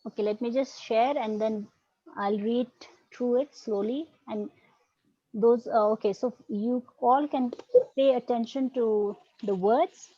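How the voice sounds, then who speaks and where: A woman's voice: a little high, fairly even intonation, unhurried, mellow, dry recording. A woman teaching an online Buddhist philosophy class over a video call, explaining patiently and often checking in with "right?" and "okay". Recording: dull lo-fi video call audio.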